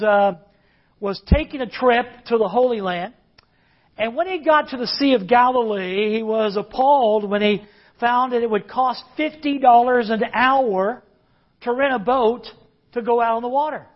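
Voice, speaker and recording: Conversational preacher, muffled recording. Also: medium pitch. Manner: conversational, tells a joke, reads scripture aloud. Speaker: pastor. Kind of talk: sermon.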